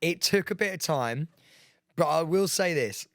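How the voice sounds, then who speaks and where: A man's voice: on the high side, expressive, unhurried, no echo, studio quality. A man co-hosting a podcast, telling stories with lots of energy, laughing and acting out what others said. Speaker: podcast co-host. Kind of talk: excited anecdote telling.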